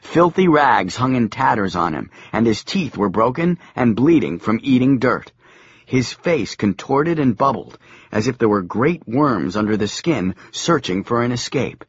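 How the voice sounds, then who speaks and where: A male audiobook narrator with a husky voice and a lively, varied pitch. His delivery is dry and deadpan. The recording is close and slightly dull. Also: unhurried, no room sound. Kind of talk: audiobook narration, comic novel.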